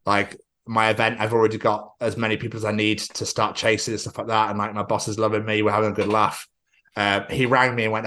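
Excitable man chatting. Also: on the low side, fast. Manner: excitable, swears freely, acts out quotes. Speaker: podcast co-host. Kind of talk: casual chat.

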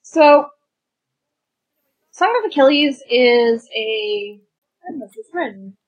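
A woman's voice: sits high, lively intonation, slow, husky, poor audio. A woman co-hosting a podcast, chatting casually and enthusiastically about history and stories, with crude humor. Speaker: podcast co-host. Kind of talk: casual chat.

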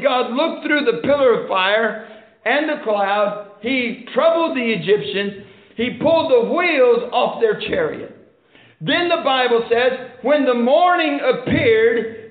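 High-voiced man preaching in an echoey hall. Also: phone-quality sound. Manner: rhythmic preaching with rising shouts and speaking in tongues. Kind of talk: Pentecostal sermon.

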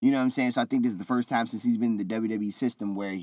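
A man co-hosting a casual wrestling podcast, telling stories in an animated way and acting out what people said. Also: mid-range voice, rapid-fire, no echo. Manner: animated storyteller, acts out quotes. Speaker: podcast co-host.

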